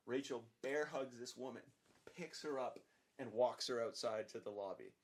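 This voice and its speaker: A young man, a podcast guest, telling a story in casual chat, animated, swearing freely and acting out the dialogue. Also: medium pitch, moderate pace.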